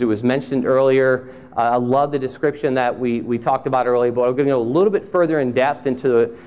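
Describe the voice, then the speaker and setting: A man's voice: medium pitch, darkish tone. Storytelling male speech pathologist presenter. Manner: conversational storyteller, self-deprecating humor. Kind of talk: conference presentation with humorous anecdote. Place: conference hall.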